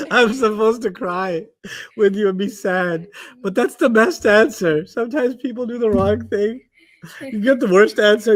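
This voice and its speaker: A man's voice: high voice, measured pace. A man teaching an Arabic class over a video call, casual and playful, telling stories with exaggerated voices.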